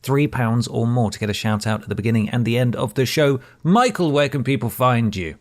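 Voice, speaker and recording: A man co-hosting a comedy podcast, giving plugs and reading donor names in a dry, brisk way. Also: medium pitch. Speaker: podcast co-host. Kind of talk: casual podcast banter.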